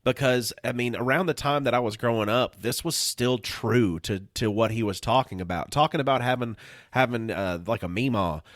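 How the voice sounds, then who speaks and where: A man's voice: medium pitch, moderate pace, no room sound, studio quality. A man co-hosting a podcast in casual chat, telling stories with lots of laughs. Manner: animated storytelling, laughs often. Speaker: podcast co-host.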